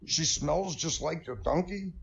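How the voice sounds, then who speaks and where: A man's voice: fairly high pitch, measured pace, creaky, dull audio, a little hiss or hum. An older man reading a string of jokes aloud on an online comedy show, chuckling at his own punchlines.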